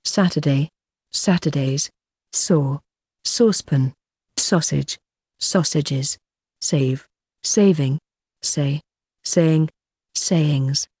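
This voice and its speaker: A woman reading an alphabetical vocabulary list aloud, one word at a time with pauses between. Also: low voice, darkish tone, breathy edge, no echo. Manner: reads single words one by one with pauses.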